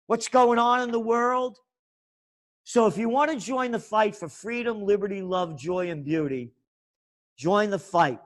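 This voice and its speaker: Fiery ranting man, higher voice. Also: unhurried. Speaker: guest, trends forecaster. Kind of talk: impassioned podcast interview.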